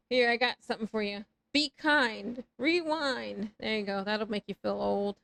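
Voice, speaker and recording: A woman's voice: a little high, moderate pace, gravelly, few pauses, a bit bright, rough recording. A woman in her thirties chatting casually with her live chat while playing a game, rambling and swearing freely in self-mocking banter. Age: 30s. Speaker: streamer.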